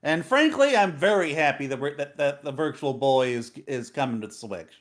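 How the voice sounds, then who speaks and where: A man's voice: on the high side, expressive, moderate pace. A man co-hosting a gaming podcast in casual chat, playful and teasing, with many fillers. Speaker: podcast co-host, games writer.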